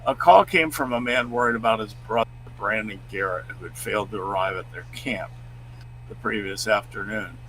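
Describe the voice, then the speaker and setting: A man co-hosting a live stream, chatting casually and reading out news stories in a loud, booming voice. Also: moderate pace, a little hiss or hum, rough recording. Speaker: co-host.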